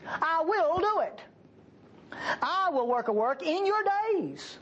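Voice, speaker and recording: A woman voicing God as a calm, firm male deity who speaks slowly and steadily. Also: extremely high pitch, lo-fi sound, pitched above the performer's own voice, heavily acted. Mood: reassuring. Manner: slow, steady, matter-of-fact.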